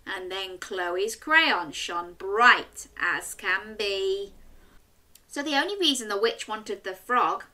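A woman reading a picture book aloud to children, animated and asking her listeners questions. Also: medium pitch, slow pace. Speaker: children's story reader.

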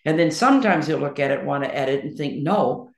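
A woman answers interview questions in a blunt, emphatic, outspoken way. Her voice is rough and gravelly, with a clear fry to it. The room adds a noticeable echo around her. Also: sits low, animated, fast. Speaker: interview guest, poet and songwriter. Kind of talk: candid conversational interview.

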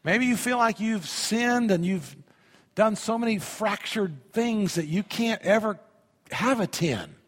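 A man's voice: high voice, expressive, measured pace. Emphatic preaching man in a reverberant hall. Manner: emphatic preaching with dramatic drops to quiet. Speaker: pastor. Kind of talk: sermon.

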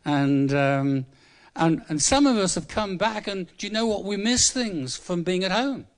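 Here an English preacher of seventy-five delivers a funny, chatty sermon in church, repeating words to drive points home. He's in his 70s, with a high voice, lively intonation and a measured pace.

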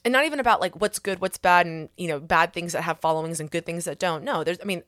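A woman's voice: fairly low pitch, fast talker, fairly bright tone, no room sound, clean studio sound. A woman hosting her own podcast in casual solo chat, rambling and candid with many asides, earnest and encouraging. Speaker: podcast host.

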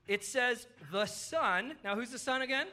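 A children's pastor with a bright, ringing tone and a mid-range pitch delivers a children's sermon at a church service. The delivery is playful and upbeat, gently coaxing the kids along. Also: measured pace.

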